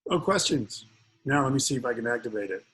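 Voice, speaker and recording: A man hosting an investment webinar, talking casually with jokes, rambling and filling pauses with ums. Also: medium pitch, expressive, a bit bright, slightly rough, rough recording. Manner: rambling, joking, many fillers. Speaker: webinar host and investment speaker.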